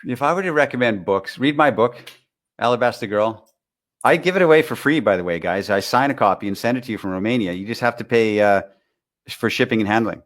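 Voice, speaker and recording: A man's voice: on the low side, animated, fairly quick, a bit bright. A man being interviewed about dating, talking casually, with many restarts and repeated words while he tells stories and gives advice. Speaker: interview guest, dating author.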